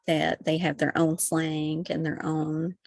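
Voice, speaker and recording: Podcast guest: Kentucky woman, low gravelly voice, dry close sound, chatty. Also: completely flat delivery, slow, a little mellow, dry recording. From Kentucky, USA. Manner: chatty, many fillers like "you know". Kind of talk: casual conversation.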